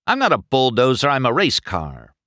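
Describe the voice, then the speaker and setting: A man's voice: mid-range voice, huge pitch swings, a little slow, fairly bright tone, no echo, studio quality, pitched above the performer's own voice. A man voicing a cocky young male race car in a storybook read-aloud, rude and impatient.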